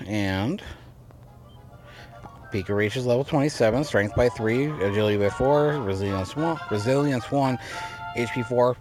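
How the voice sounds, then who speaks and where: A mid-range, somewhat dark male voice carries this casual let's-play commentary. He meanders, repeats things and restarts sentences while game music plays underneath.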